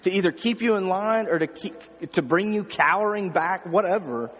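A pastor with a fairly high, bright voice at normal speed gives an informal, conversational sermon in a big-sounding room. He often checks in with the listeners, asking "okay?" and "right?"

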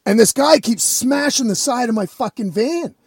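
A man's voice: extremely high pitch, expressive, normal speed, gravelly, darkish tone, slightly rough, no room sound, studio quality. A man telling a rambling, profane story in a casual vlog.

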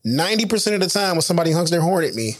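A middle-aged man hosting a casual podcast, talking in animated stories full of swearing and sound mimicry. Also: a little high, very fast. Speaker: podcast host. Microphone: studio headphones and mic.

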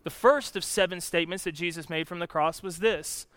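High, bright-voiced male preacher. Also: brisk, no echo. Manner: dramatic storytelling, swinging from loud emphasis to hushed. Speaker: pastor. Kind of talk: sermon.

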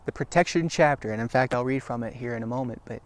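A man speaks to camera in an earnest, encouraging devotional talk, his voice sitting at an ordinary middle pitch. He leans on repetition for emphasis and often breaks off to restart his sentences. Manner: halting with frequent restarts. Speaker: Christian video teacher.

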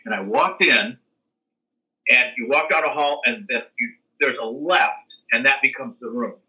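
An older American man, an interview guest, telling a long story in a casual, animated way. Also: medium pitch, a little slow, low-quality recording. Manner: animated storyteller, acts out quotes and sings dance beats.

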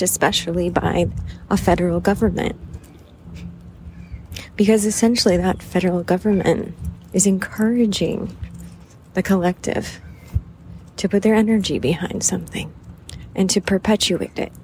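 A woman hosting a podcast, giving a measured, contemplative monologue that sometimes drifts into soft whispers. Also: mid-range voice, fairly even intonation. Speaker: podcast host. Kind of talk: slow reflective monologue. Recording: background noise.

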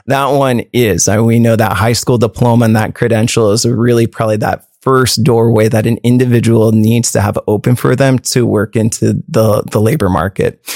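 A man's voice: mid-range voice, gravelly, darkish tone, dry recording, studio quality. A man, a program manager, explaining things earnestly, often restarting his sentences. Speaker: workforce program manager, guest. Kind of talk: conversational interview.

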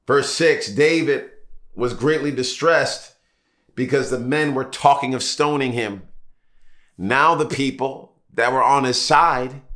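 A male pastor preaching a sermon, using rhetorical questions and slow, repeated phrases for emphasis. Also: mid-range voice, fairly bright tone.

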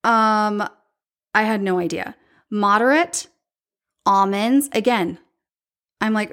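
A woman's voice: mid-range voice, takes it slowly, long pauses. Chatty woman telling a personal story. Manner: chatty and candid, breaks into animated quoted voices. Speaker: podcast host.

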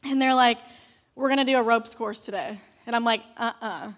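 A young woman youth leader giving a youth sermon, telling a personal story in a chatty, animated way with many "like"s. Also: on the high side, fairly quick.

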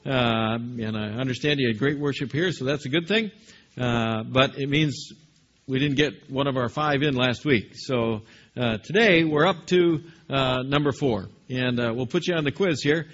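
A man's voice: medium pitch, moderate pace, a bit bright, dull audio. A male pastor delivering a sermon, emphatic and repetitive, questioning the congregation.

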